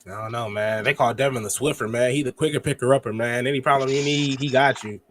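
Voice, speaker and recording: A man co-hosting a casual chat podcast, telling stories in an animated, teasing way. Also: medium pitch, fast, no room sound. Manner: animated teasing storyteller, laughs often. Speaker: podcast co-host.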